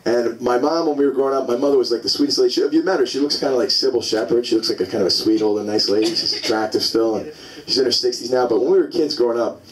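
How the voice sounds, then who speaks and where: A man's voice: mid-range voice, racing, recorded from a distance, a little hiss or hum, rough recording. A man in his forties doing a stand-up comedy set, telling loose, rambling stories full of fillers on a club stage. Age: 40s.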